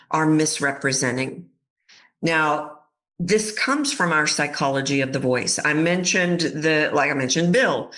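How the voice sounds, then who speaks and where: A woman voice coach giving an interview on a podcast, talking expressively and acting out the voices of people in her stories. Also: sits low. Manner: expressive, acts out quoted voices. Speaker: voice coach guest.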